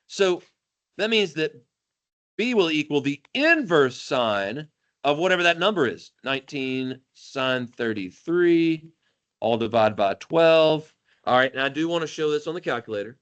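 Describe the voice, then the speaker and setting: A man teaching math to a class, animated and jokey, calling on students by name. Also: medium pitch, a little slow. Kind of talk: classroom lecture.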